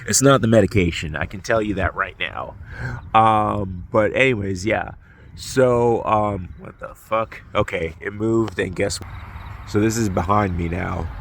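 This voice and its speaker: A male vlogger, stuffy-nosed and sleepy, records a rambling, profane, casual monologue outdoors on his phone, full of fillers and false starts. He speaks unhurriedly in a fairly low voice with vocal fry, and there is slight background noise.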